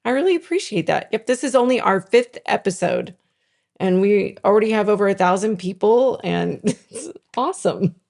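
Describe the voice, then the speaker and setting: A woman's voice: mid-range voice, expressive, normal speed, vocal fry, a little mellow. A middle-aged woman co-hosting a live stream, chatting casually and reading out viewer comments. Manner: chatty, reads out chat comments, laughs often.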